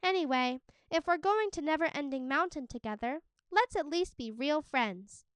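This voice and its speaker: A woman's voice: high-pitched, expressive, moderate pace, no echo, pitched above the performer's own voice. A woman voicing a kind, plucky young village girl in a storybook read-aloud. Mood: reassuring.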